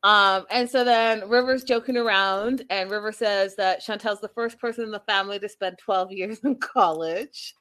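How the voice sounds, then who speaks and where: Bright-voiced gossipy woman recapping. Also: mid-range voice, normal speed, few pauses. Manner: gossipy, animated, laughs often, addresses viewers as y'all. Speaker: reality TV recap host. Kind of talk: casual chatty recap.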